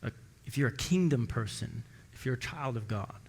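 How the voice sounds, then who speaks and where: A man preaching a sermon as pastor, telling stories and acting out the dialogue with lively shifts of voice. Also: normal speed, slightly rough. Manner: storytelling, acting out dialogue with rising pitch. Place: church sanctuary. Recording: long church hall reverb.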